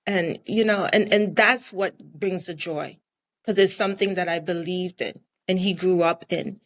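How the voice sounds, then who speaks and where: A woman's voice: fairly low pitch, fairly even intonation, moderate pace. A middle-aged woman from the Caribbean, a restaurant owner talking in a casual interview, earnest and repeating herself for emphasis.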